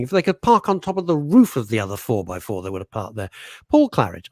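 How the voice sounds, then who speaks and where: A man co-hosting a radio talk show, spinning long anecdotes with plenty of enthusiasm. His voice sits in a middling register but swings widely in pitch. The studio sound is dry and close. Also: fairly quick, dry recording. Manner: chatty, anecdotal, lively storytelling with put-on quote voices. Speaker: radio co-host. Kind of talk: casual radio chat.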